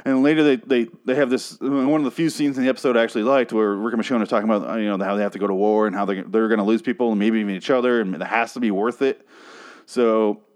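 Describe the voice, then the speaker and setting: A man's voice: fairly low pitch, steady tone, fast, darkish tone. A man giving a profane, exasperated review of a TV episode, ranting and mocking the characters in put-on voices.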